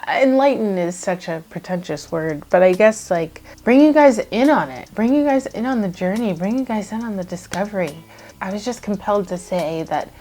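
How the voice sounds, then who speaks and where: A woman's voice: fairly low pitch, a little mellow. A woman YouTuber talking to her viewers in a heartfelt vlog, earnest and reflective, a little emotional, with many casual "like" fillers.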